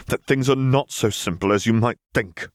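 A man's voice: mid-range voice, normal speed, no echo, clean studio sound, pitched above the performer's own voice, lightly acted. A man voicing a composed young female sheriff who speaks tensely, as if through a clenched jaw. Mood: urgent.

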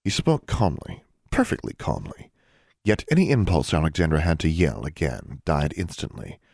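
A man reading a fantasy audiobook with expressive, varied narration. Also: rumbling low, moderate pace, vocal fry, breathy edge, no room sound. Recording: dry close studio sound.

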